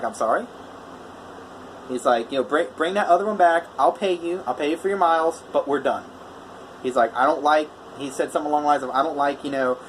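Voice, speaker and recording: A welder man talking straight to the camera in a casual vlog, retelling a customer dispute. He jumps between his own even voice and the other man's heated lines. A faint hum sits under the voice. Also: mid-range voice, rough recording. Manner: animated retelling, quoting both sides of a phone argument. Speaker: welder telling a customer story.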